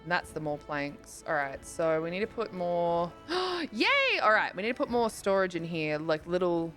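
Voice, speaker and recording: A woman's voice: lowish voice, moderate pace, a bit bright, soft background music. Chatty young woman streaming a game. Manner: chatty, thinks aloud, swears casually, bursts into squeals. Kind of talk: casual live-stream chat while playing.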